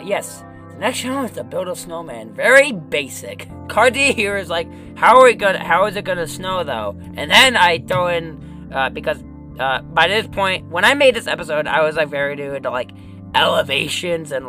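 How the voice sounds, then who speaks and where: A man's voice: on the high side, expressive, moderate pace, bright, forceful tone, faint music behind. A young man giving casual, rambling commentary on his old animation, often correcting himself and laughing. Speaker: animation creator.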